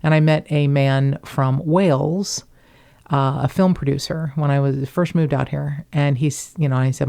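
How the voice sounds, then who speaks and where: A woman's voice: low-pitched, fairly even intonation, normal speed, gravelly, mellow. A woman from the Cincinnati area hosting a podcast, chatting in a rambling way with wry asides. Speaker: podcast host. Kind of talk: casual chat.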